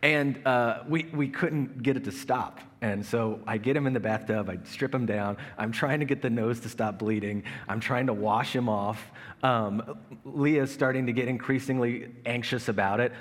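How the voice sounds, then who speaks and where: Speaking at normal speed in a medium-pitched voice, this man in his thirties preaches as pastor, chatty and self-mocking. He acts out anecdotes about his family, and the large worship space gives a long hall reverb.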